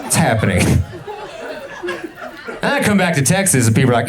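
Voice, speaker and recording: A young man doing an energetic, absurd stand-up set in a comedy club, slipping into put-on voices for the people he quotes. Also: mid-range voice, a little fast. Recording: live club set with a laughing crowd.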